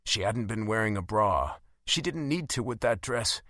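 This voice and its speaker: A male audiobook narrator with a bright, forward voice and a very lively pitch. He reads in first person with dramatic, emotionally charged delivery, in a dry, close recording. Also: normal speed, no echo.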